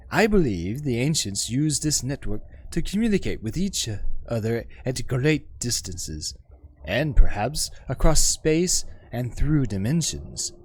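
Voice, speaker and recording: Man doing an elegant scholar woman, formal, precise, lively lilting pitch, game character. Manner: measured, formal, precise diction.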